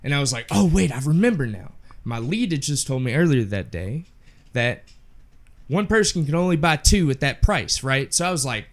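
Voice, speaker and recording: A young man telling a casual story on a podcast, animated and swearing freely, acting out the people in it. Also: medium pitch, normal speed. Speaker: podcast co-host.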